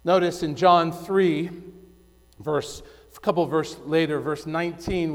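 A male pastor preaching a sermon, swinging between loud emphasis and hushed, low phrases. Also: long reverb tail.

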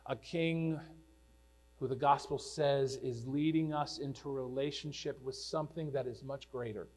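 A man preaching a sermon to his congregation, earnest and building to loud declamation when he quotes commands. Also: mid-range voice, moderate pace. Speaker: pastor.

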